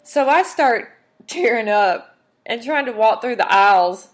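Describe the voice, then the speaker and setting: A woman's voice: fairly high pitch, animated, a little slow. Candid, emotional woman telling a story. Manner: candid, emotional, chatty with fillers and asides. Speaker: podcast host. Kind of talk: personal storytelling monologue.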